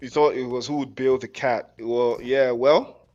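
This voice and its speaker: A man's voice: medium pitch, steady tone, measured pace, a little mellow, highs cut off. Jokey slangy male esports caster. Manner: jokey, rambling, slangy, laughs often. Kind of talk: live esports commentary mixed with chat banter.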